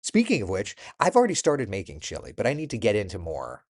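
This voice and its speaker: Chatty low-voiced man host. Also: huge pitch swings, fast, a little mellow. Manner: chatty, laughing, reacting to viewer comments by name. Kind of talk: casual chat reading viewer comments.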